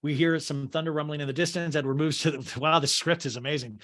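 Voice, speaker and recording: A man hosting a comedy podcast, recapping a movie in a jokey, animated way and acting out the dialogue. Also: fairly high pitch, fast. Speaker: podcast host.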